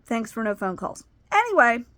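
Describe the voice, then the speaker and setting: A middle-aged woman with a fairly high voice talks through personal stories in a loose, rambling way, full of ums and you-knows. When she gets heated, her voice shoots up high and loud. The sound is dry and close, with no room echo. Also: big pitch swings, normal speed. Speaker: vlogger. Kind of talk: personal storytelling.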